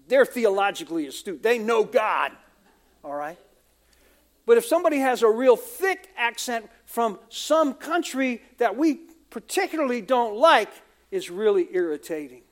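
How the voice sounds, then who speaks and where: A man's voice: very high-pitched, big pitch swings, normal speed. A man from the United States, a pastor preaching a conversational sermon full of asides and acted-out quotes.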